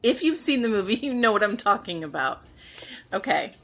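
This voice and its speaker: A woman hosting a home cross-stitch video, chatting casually and sounding tired, with soft asides that trail off. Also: medium pitch, sing-song, fairly quick. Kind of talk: casual chat to camera.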